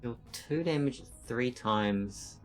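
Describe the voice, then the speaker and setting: A man's voice: medium pitch, takes it slowly, faint music behind, low-quality recording. A man streaming a strategy game, thinking aloud with stumbling restarts and reading the game text in casual commentary.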